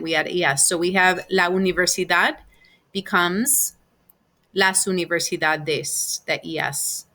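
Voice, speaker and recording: A woman's voice: fairly low pitch, unhurried, pushed and bright. A woman teaching Spanish grammar in a recorded class, explaining patiently step by step with examples.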